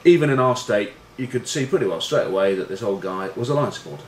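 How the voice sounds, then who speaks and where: A middle-aged man who used to play rugby tells casual, rambling stories packed with swearing, fillers and jokes at his own expense. His voice is slightly low, expressive and quick. The recording has a roomy echo and a faint hiss in the background.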